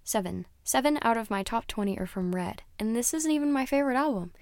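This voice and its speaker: A woman's voice: a little high, lively intonation, quick pace, darkish tone, dry recording, studio quality. A young woman chatting casually as a music reviewer, rambling and dropping into whispered asides. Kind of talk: casual chat.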